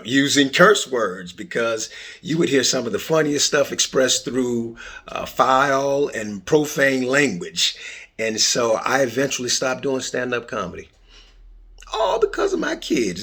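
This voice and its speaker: A middle-aged man from the United States hosting a podcast, talking casually with animated joking and rambling restarts. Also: medium pitch, slightly rough. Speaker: podcast host.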